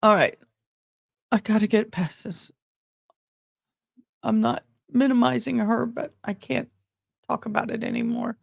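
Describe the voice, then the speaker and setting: A middle-aged woman hosting a casual livestream about court cases, speaking haltingly with many pauses, grieving and close to tears. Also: a little high, fairly even intonation, gravelly, no room sound. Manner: halting, pausing often with ums. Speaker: courtroom commentary host.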